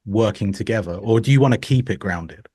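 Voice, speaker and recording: A man's voice: on the low side, fairly quick, dark tone, slightly rough, no room sound. A male interviewer asking long, winding questions full of hedging fillers.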